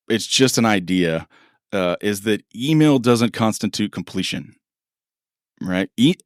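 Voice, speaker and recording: A middle-aged man with a fairly low pitch co-hosts a podcast, chatting casually and breaking into quoted dialogue with plenty of laughs. He's animated throughout, and the studio-quality audio has no room sound.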